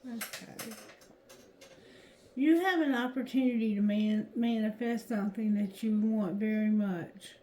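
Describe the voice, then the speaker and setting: A woman doing a tarot reading, reading card text aloud slowly and haltingly, correcting herself as she goes. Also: fairly high pitch, mellow, slight background noise. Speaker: tarot reader. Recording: roomy echo.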